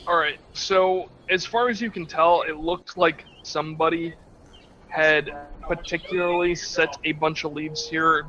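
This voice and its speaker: A man's voice: on the high side, fairly even intonation, unhurried, sharp tone, highs cut off, a little hiss or hum. A young man running a tabletop game as game master, explaining the scene in a hesitant way, often restarting his sentences. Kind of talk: narrating and ruling a tabletop game.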